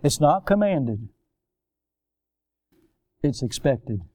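A man's voice: mid-range voice, very animated, drawn-out words, a little mellow, no echo, studio quality. A man pastor delivering a sermon in a folksy, emphatic way, drawing out stressed words.

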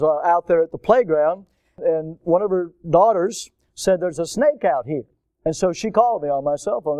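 A man's voice: high-pitched, smooth, dry recording. A man from Florida preaching a storytelling sermon, acting out the voices in his story. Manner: animated storyteller, acts out voices.

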